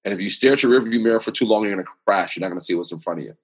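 Man, husky, low-pitched, earnest, motivational, podcast guest. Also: racing. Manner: earnest, motivational, emphatic storytelling. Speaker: guest, author and speaker on self-awareness. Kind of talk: podcast interview conversation.

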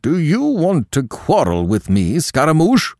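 A hulking, bullying troupe master, as a man puts him on, roaring his threats high and loud in a lively, swinging voice. Dry, close sound. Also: a little slow, dry recording, exaggerated voice. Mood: furious. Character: huge brutish male troupe master, bullying.

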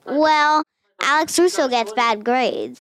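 A woman's voice: sits high, slow, a bit bright, no echo. A woman hosting an interview, asking questions in a playful, upbeat way. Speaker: interview host.

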